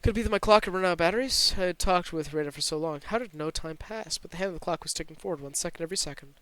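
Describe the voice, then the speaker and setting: A man narrating a story at a rapid clip, his voice slightly high. He reads tense first-person scenes as a streamer, breaking off now and then for asides. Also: fairly bright tone, clean tone, no room sound. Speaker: streamer reading a visual novel aloud.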